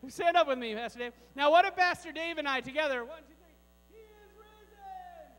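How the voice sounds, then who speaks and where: A man's voice: very high voice, quick pace, a bit bright. A man giving a playful children's sermon in a large church, joking with the kids and the congregation. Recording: long church hall reverb, mains hum.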